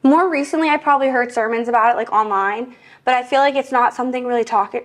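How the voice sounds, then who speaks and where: A woman's voice: on the high side, fast talker. A young woman hosting a podcast, chatting casually while working out, out of breath and filling her talk with "like.". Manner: chatty, lots of "like" fillers. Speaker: podcast host.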